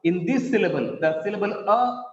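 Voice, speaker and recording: A man teaching over slides, explaining slowly and repeating his examples. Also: high-pitched, animated. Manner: slow, repetitive explaining with spelled-out examples. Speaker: English teacher. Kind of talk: recorded lecture over slides. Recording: echoey, dull lo-fi room recording.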